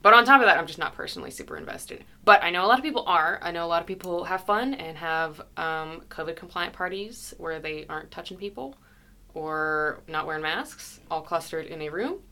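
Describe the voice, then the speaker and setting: A woman's voice: lowish voice, lively intonation, bright, forceful tone. A young woman co-hosting a casual college podcast, chatty and playful. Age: young adult. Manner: playful, chatty, quick laughter. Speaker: podcast co-host.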